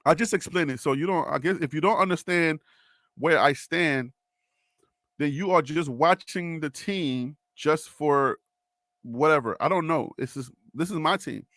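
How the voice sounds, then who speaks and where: A man's voice: fairly high pitch, measured pace, fairly bright tone, no room sound. A man from Brooklyn hosting a live stream, arguing back at viewer comments in casual chat. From Brooklyn, New York. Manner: argumentative, rebutting viewers.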